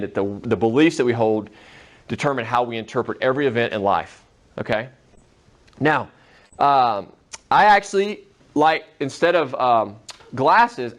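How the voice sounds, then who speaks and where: A man's voice: medium pitch, fairly bright tone. A man giving a classroom lecture in a conversational way, often checking in with his students. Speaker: teacher.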